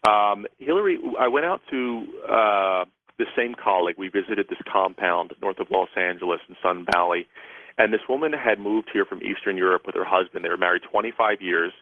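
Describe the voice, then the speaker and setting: A man's voice: low voice, a little fast, no room sound. A man, a guest author and psychic, telling a rambling story with many restarts during a radio interview. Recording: tinny phone line.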